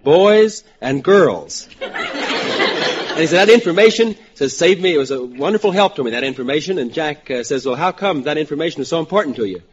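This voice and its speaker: A man with a faint West Virginia accent, a comedy writer pitching jokes on a radio panel in a playful, drawling, up-and-down way. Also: expressive, normal speed, a little hiss or hum. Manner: drawling, playful, rising and falling talk. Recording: muffled old radio broadcast with studio audience.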